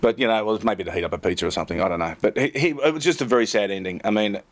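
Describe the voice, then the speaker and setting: A man's voice: on the low side, very fast. A middle-aged man, a tour caddy and co-host, telling rambling, self-mocking stories in casual chat full of fillers.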